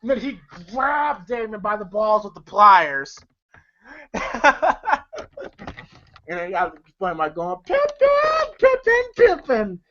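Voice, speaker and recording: A woman's voice: mid-range voice, lively intonation, slow pace, pauses often, bright, forceful tone, lo-fi sound. A woman reviewing a movie in a rambling, profane way, retelling scenes with lots of fillers. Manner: rambling, profane, laughs often, many fillers. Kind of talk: casual retelling of film scenes.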